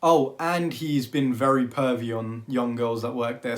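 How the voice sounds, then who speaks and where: A young man with a British accent, telling a storytime vlog in an animated, slang-filled way. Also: mid-range voice, a little slow, a little hiss or hum. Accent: British, London slang. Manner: animated, slangy retelling with lots of "like". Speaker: vlogger.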